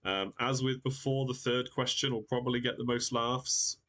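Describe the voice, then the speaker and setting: A man's voice: mid-range voice, steady tone, moderate pace, a bit bright. A man hosting a live online quiz, chatty and upbeat, reading out viewer comments as he goes. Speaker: quiz host.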